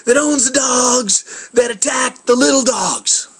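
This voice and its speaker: A man voicing an aggressive young man who yells threats while hunting for a dog owner. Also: very high-pitched, takes it slowly, slightly rough, voice pushed up, heavily acted. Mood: menacing. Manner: yelling threats.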